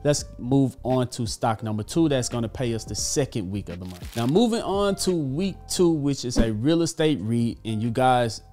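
A man hosting a casual finance video, upbeat and energetic with offhand asides. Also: medium pitch, normal speed, few pauses. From Texas. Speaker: host. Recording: faint background music.

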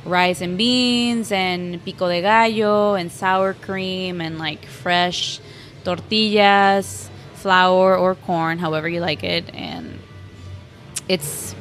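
A woman's voice: on the low side, fairly even intonation, slow pace, a bit bright, faint music behind. A young woman from Mexico, the owner's daughter, chatting about her family's restaurant with lots of "like" and "um". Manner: chatty, frequent "like" and "um". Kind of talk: casual interview.

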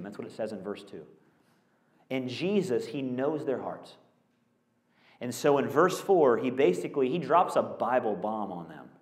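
A male pastor preaching a conversational, animated sermon with rhetorical questions. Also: mid-range voice. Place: school auditorium used as a church. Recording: echoey auditorium.

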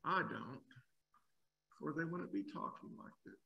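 Guy preaching a sermon, highish voice, keeps asking rhetorical questions, repeats himself. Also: animated, unhurried, gravelly, dull audio. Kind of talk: expository sermon.

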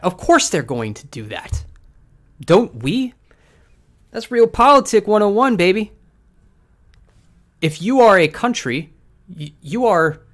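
A man hosting a podcast with livestream commentary, combative and sarcastic, dropping to mutters and then breaking into loud outbursts. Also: medium pitch. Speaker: podcast host.

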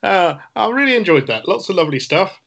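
A man's voice: high-pitched, big pitch swings, fairly quick, gravelly, a bit bright, muffled recording. Bubbly male co-host. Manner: enthusiastic, affectionate. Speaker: comedy club co-host. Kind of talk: upbeat chat.

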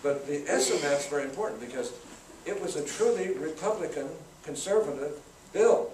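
A man's voice: fairly high pitch, animated, moderate pace. Older man, folksy storyteller, speaking from far off in an echoing room. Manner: folksy anecdotal, acts out quotes. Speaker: guest speaker, senator. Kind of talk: storytelling talk to students. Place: campus event room. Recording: roomy, from far off, noisy.

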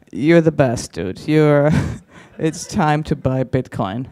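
A man working the crowd at a conference, brash and mocking, with a fairly high voice and a loose, profane delivery. He speaks into a handheld mic on stage. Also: lively intonation, very slow, dark tone. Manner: brash, teasing, swears freely. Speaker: stand-up comedian. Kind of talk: stand-up crowd work. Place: conference stage before a live audience.

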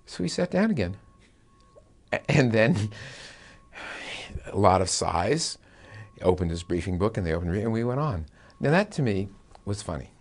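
An older American former diplomat recounts a negotiation story in a dry, wry way, with frequent pauses and filler sounds. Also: male voice, fairly low pitch, very animated. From United States. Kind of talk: recounting a personal anecdote.

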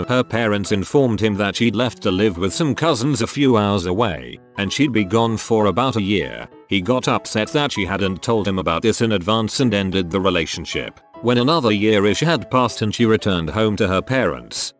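A man reading online stories aloud as a steady scripted narration, with no fillers. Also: fairly low pitch.

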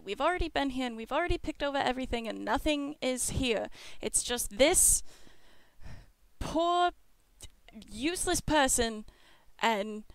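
A calm Force user , as a woman plays her player character, who talks someone down with soothing, apologetic persuasion. The voice is smooth and clear with a gravelly edge, set slightly high, and the sound is close and dry. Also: no room sound, low-quality recording. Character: calm, persuasive Force-using crew member.

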